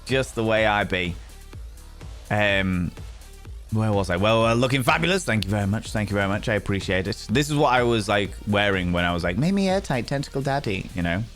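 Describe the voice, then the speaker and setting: A man's voice: fairly low pitch, fairly quick, fairly bright tone, soft background music. A man chatting casually on a live stream in a flamboyant, theatrical, camp manner, reading out and thanking his chat.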